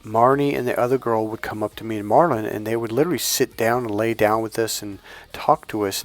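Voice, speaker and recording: A man working as a dating coach, telling a story in a deliberately slowed, calm way and swearing bluntly. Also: lowish voice. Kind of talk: casual storytelling monologue.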